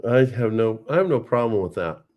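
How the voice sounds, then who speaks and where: A man's voice: fairly low pitch, big pitch swings, fairly quick, darkish tone. A man hosting a livestream, chatting easily, agreeing with his guest and reading out viewer comments. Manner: easygoing and agreeable, reads out chat comments. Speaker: livestream host. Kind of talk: casual livestream chat.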